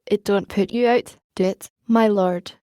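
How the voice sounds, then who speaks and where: A woman's voice: medium pitch, steady tone, a little slow, warm tone, no echo, clean studio sound, close to an everyday voice. Woman reading as a rustic deferential innkeeper. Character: homely male innkeeper, plain country speech.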